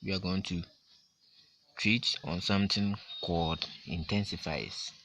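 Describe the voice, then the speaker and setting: A man teaching a grammar lesson to his class, explaining slowly and repeating his examples with strong stress. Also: low voice, steady tone, sharp tone, slight background noise. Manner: slow, repetitive explaining with emphatic stress.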